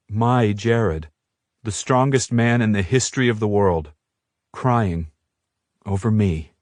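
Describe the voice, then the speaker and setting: A male audiobook narrator with a lowish voice reads in the first person. The studio sound is clean, with no room sound.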